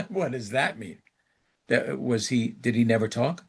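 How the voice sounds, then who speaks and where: Gravelly-voiced rabbi, chatty storyteller. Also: male voice, medium pitch, animated, unhurried. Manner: conversational storytelling with frequent fillers; reflective, rhetorical questions. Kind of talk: informal Torah class.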